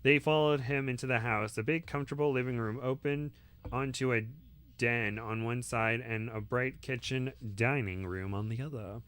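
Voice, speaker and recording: A man's voice: medium pitch, normal speed, fairly bright tone, clean tone. A man hosting a podcast where he reads a novel aloud and chats playfully between passages. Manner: playful, chatty, laughs easily. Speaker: podcast host. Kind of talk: reading a novel aloud, with casual chat.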